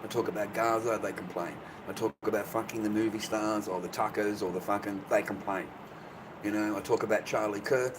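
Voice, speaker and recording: A man's voice: on the low side, background noise. An Australian man ranting casually on his live stream, profane, rambling and dismissive.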